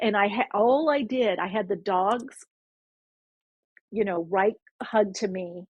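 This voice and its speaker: A woman with a husky, mid-range voice hosts a podcast, casually telling a spiritual story. Her animated retelling rambles and often breaks off mid-sentence. There's no echo.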